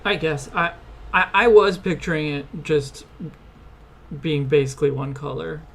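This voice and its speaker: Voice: medium pitch, steady tone, unhurried, creaky. A streamer chatting casually while designing, hesitant and often restarting sentences. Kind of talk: casual live-stream chat.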